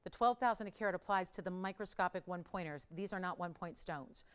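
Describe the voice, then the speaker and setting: A woman hosting a live jewelry shopping show, pitching pieces with enthusiastic, emphatic selling and repeated phrases. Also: fast talker, clear, resonant tone.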